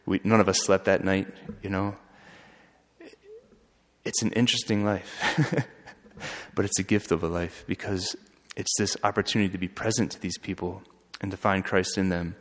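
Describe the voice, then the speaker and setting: A man who is a friar, telling a story in an earnest, halting way with frequent restarts. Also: low voice, fairly even intonation. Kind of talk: storytelling talk. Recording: long hall reverb.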